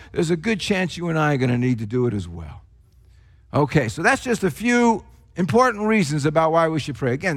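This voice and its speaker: An older man from New Jersey delivers a sermon in a high, light voice. He leans hard on stressed words, then lets his phrases sink to quiet, drawn-out endings. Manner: emphatic, swings between hushed drops and raised stresses. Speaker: pastor.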